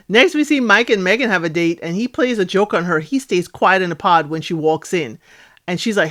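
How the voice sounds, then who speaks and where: A woman's voice: medium pitch, a little fast. Chatty woman recapping reality TV. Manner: chatty, animated, quoting cast members in playful voices. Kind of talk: casual recap commentary.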